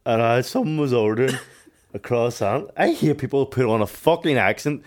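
A man's voice: medium pitch, expressive, moderate pace, a little mellow. A young man with a Belfast accent, co-hosting a podcast, telling stories in casual banter, laughing and swearing freely. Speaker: podcast co-host.

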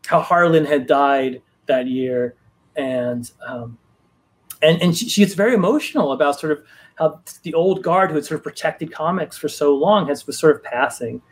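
A man's voice: a little high, animated, moderate pace. A man, a comic book writer, telling a long anecdote in a casual chat, with lots of restarts and fillers. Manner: rambling, many restarts and fillers. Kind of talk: casual storytelling on a live stream.

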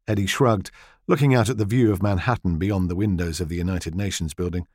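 Dry, lively male audiobook narrator. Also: fairly low pitch, brisk, dry recording. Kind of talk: scripted narration.

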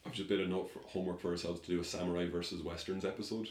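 A man co-hosting a podcast, chatting casually and joking with quick asides. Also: sits low, flat delivery, a little mellow. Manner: quick, jokey, breaks into laughing impressions. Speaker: podcast co-host. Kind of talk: casual chat. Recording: echoey room.

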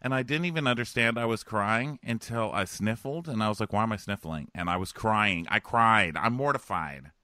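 A man hosts a chatty comedy podcast, his voice low-pitched but bright and forward. He jokes in a campy, theatrical way and laughs often. The sound is dry and close, with no room echo. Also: moderate pace, few pauses. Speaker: podcast host. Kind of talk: casual comedic chat. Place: hotel room. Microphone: remote connection.

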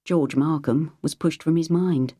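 Low, mellow woman narrating an audiobook. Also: measured pace, no room sound, studio quality.

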